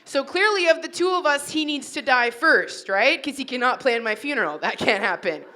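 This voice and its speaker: Woman stand-up from Toronto, higher, bright and punchy, chatty crowd work on a mic. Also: animated, normal speed. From Toronto, Canada. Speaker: stand-up comedian. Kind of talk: stand-up comedy set. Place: wedding reception hall.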